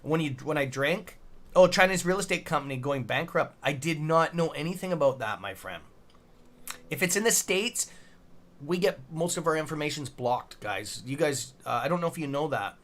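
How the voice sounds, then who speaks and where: A man's voice: a little high, animated, moderate pace, fairly bright tone. A middle-aged man casually hosting a live stream, reading chat aloud and bantering with loose swearing. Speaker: livestream trading host.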